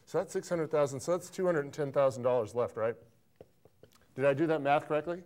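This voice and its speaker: A man's voice: fairly high pitch, a little fast, a little mellow. Playful middle-aged man teaching class. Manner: playful, teasing, repeats praise. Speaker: accounting professor. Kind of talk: classroom lecture with student questions. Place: lecture classroom.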